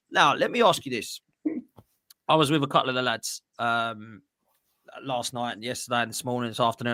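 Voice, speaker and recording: A man's voice: mid-range voice, a bit bright, no room sound. Brash male host, dry close sound, opinionated football chat. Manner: brash, opinionated, rapid-fire. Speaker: show host reading viewer messages. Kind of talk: casual livestream football chat.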